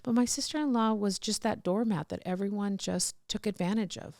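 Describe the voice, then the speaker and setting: A woman's voice: medium pitch, fairly quick, a little mellow, dry recording, studio quality. A middle-aged woman telling candid personal stories as a podcast guest, rambling with restarts and laughs.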